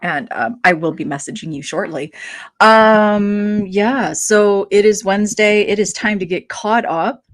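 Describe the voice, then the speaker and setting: A woman's voice: mid-range voice, measured pace. A woman co-hosting a live stream, chatting casually and greeting viewers by name in a bubbly way. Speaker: co-host.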